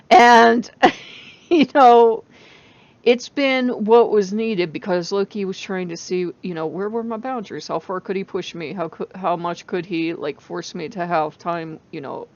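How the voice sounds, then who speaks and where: A woman's voice: fairly low pitch, a little slow, darkish tone. A tired woman hosting a casual vlog, rambling with fillers and laughing often. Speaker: channel host. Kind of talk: casual spiritual vlog chat. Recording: dull lo-fi dry recording.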